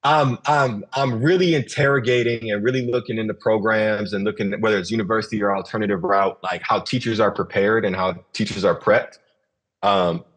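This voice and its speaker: Husky, reflective man on a podcast. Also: lowish voice, fairly even intonation, fairly quick, a bit bright. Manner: reflective, talks with many restarts and repeated phrases. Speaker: podcast host. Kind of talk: casual podcast conversation.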